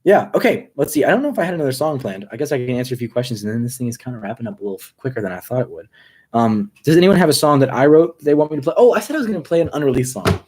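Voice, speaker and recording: A man chats loosely on his own live stream, upbeat and rambling, hopping between thoughts with quick asides. His voice sits at an ordinary middle pitch. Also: sing-song, darkish tone, slightly rough. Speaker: musician hosting a live stream. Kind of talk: casual live-stream chat.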